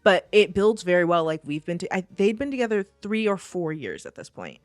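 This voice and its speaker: A woman's voice: on the low side, animated, brisk, dry recording, studio quality, soft background music. A woman co-hosting a podcast in casual chat. She talks animatedly, laughs often and acts out quotes. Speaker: podcast co-host.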